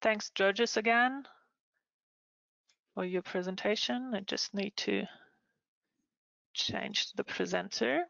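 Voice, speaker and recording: A woman's voice: mid-range voice, slow pace, creaky, pauses often, a bit bright, no room sound. Woman, webinar moderator, hesitant, dry close sound, muffled. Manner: hesitant, many ums. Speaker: session moderator. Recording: dull lo-fi online call.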